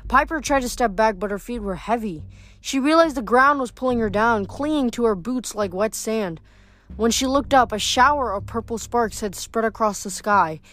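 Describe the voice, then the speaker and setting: Woman, reading a book aloud, steady narration, faint background music. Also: medium pitch. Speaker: reader.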